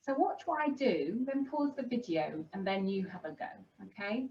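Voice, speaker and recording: A woman teaching a children's yoga class and giving gentle, encouraging instructions to young kids. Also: medium pitch, very animated, moderate pace, recorded from a distance, dull audio. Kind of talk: guiding a kids' yoga class.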